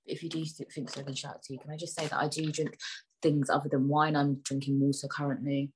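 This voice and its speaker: A woman's voice: low voice, little pitch movement, fast talker, slight background noise, low-quality recording. A woman hosting a solo podcast, rambling in a chatty, joking, self-mocking way. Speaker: podcast host.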